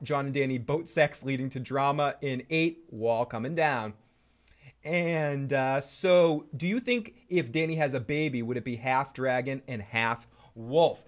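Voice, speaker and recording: A young man hosts a live stream, rambling loosely and swearing freely as he reads out viewer questions. His voice sits a little high, and he breaks into scatted drum sounds now and then. He talks into a desk microphone. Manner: loose, rambling and profane, with scat drum noises. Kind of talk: casual live-stream chat.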